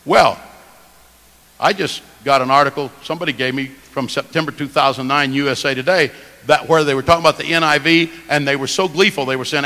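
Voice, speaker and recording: Male preacher, bright and forceful, lively delivery, long reverb of a big hall. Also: a little high, fairly quick. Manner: animated, emphatic, shifts loudness and stress. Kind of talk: sermon.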